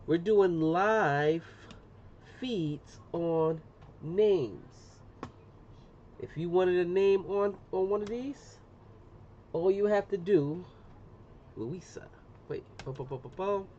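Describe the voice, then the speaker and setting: A middle-aged man chatting casually on a live stream as he demonstrates an engraving job, slangy and talkative, often saying "boom". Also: slow, pauses often, darkish tone. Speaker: livestreamer doing laser engraving. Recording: muffled lo-fi sound with faint room noise.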